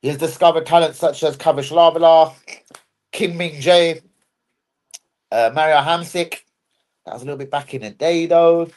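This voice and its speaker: Hosting a football fan live stream, a young man chats casually, swearing, joking and rambling as he goes. He speaks at normal speed with frequent pauses, and his voice is a little high and a little mellow.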